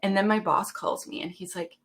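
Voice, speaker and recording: A woman on a panel, chatting casually and telling animated stories in which she acts out the dialogue. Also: medium pitch, fairly quick, faint music behind.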